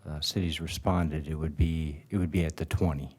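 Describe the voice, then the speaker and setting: Man, city finance director; very deep voice, measured and hesitant. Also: steady tone, a little mellow, husky. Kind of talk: council workshop discussion.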